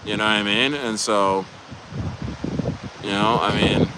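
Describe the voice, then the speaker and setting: A man's voice: fairly low pitch, fairly even intonation, measured pace. Rambling young man streaming outdoors. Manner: rambling, heavy on fillers. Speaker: livestream host. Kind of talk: casual livestream chat. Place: outdoors at a beach. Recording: loud outdoor wind noise.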